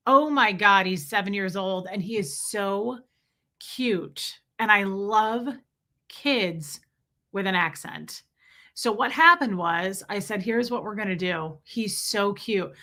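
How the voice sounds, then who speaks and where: A woman's voice: medium pitch, lively intonation, slow, sharp tone. A woman hosting a casual livestream, greeting viewers by name and rambling through chatty asides. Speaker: livestream host. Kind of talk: casual livestream chat reading viewer names.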